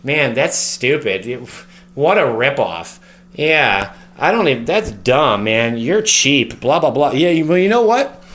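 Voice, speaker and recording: Male vlog host, home setup, animated ranter, lively pitch, swears a lot. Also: a little slow, slight background noise. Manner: animated, swears freely, breaks off into joking rants. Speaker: card game video host. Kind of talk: casual card review vlog.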